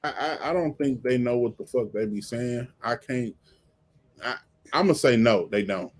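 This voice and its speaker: Excitable male podcast host, stumbles over repeated words, middle pitch. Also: normal speed. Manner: animated, repeats words when excited, acts out lyrics. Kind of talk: casual chat, music commentary.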